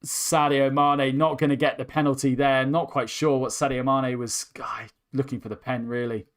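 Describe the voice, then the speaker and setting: A young man hosting a live football watchalong, commentating with rising excitement as his voice starts to go hoarse. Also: mid-range voice, moderate pace. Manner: excitable, voice climbs sharply with the action. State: voice going hoarse. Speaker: host.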